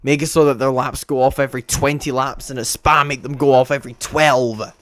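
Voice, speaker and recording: A man's voice: mid-range voice, steady tone, brisk, a bit bright, no room sound. Brief: Male streamer, exasperated, rambling race talk, dry close mic. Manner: exasperated, rambling, self-interrupting. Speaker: livestream host. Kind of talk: casual live race commentary.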